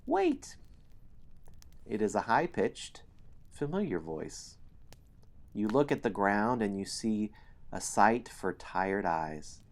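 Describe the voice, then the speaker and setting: Slow, even-paced male game narrator. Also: fairly low pitch. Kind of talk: narrating a solo tabletop game stream.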